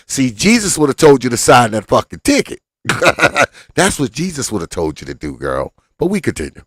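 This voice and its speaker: A man hosting a show, giving crude, mocking reaction commentary on a video and acting out other voices in quick asides. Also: medium pitch, sing-song, a bit bright, no room sound, studio quality. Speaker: host.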